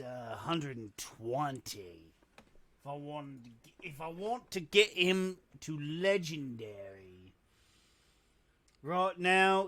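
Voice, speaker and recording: A man's voice: on the high side, a bit bright. A man giving casual gameplay commentary, muttering to himself and poking fun at himself. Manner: slow, muttering to himself, self-deprecating. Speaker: gamer.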